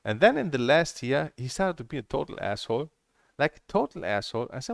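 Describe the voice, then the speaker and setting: A man's voice: medium pitch, sing-song, fairly quick, vocal fry, dry recording, clean studio sound. A middle-aged man, a table tennis coach, rambling candidly through stories and plans, swearing freely as he talks. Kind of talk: casual rambling monologue.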